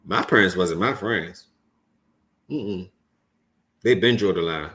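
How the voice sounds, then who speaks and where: A man hosting a commentary show, reacting to a clip and lecturing viewers in an animated, preachy way; English is his second language. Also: low-pitched, takes it slowly, long pauses. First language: not English.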